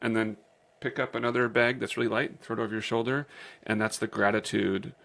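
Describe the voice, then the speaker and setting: Man, podcast host, rambling casual chat, rapid pace, gravelly fry. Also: lowish voice, fairly even intonation, fairly bright tone. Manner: rambling, laughs at himself.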